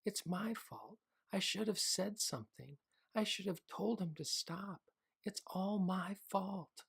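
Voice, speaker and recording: A man's voice: a little high, unhurried, creaky, breathy edge, pitched above the performer's own voice, exaggerated voice. A man voicing a tearful young boy. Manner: crying, pleading. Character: young boy, upset and guilty friend. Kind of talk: children's audiobook voice acting.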